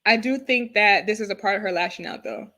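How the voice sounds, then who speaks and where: A woman hosting a casual live review chat, excitable and quick to laugh. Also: medium pitch. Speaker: host of a reality TV review show.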